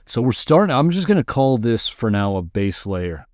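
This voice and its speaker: A man casually teaching music production, thinking aloud while he works and muttering at his software. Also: mid-range voice, sing-song, moderate pace. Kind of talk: casual screen-recorded tutorial.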